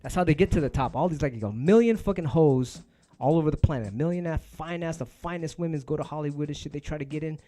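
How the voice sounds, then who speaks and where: A man's voice: a little high, fast, mellow. A man hosting his own stream, ranting casually to viewers in heated, profanity-laced street slang. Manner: emphatic, heated. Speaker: DJ and stream host.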